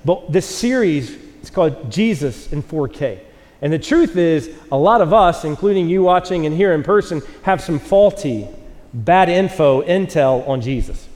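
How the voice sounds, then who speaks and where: High-voiced pastor telling a story. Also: male voice, expressive, moderate pace, a little mellow, big-room sound. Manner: storytelling, self-mocking, acts out quotes in a higher voice. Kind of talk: sermon. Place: church auditorium with a live audience.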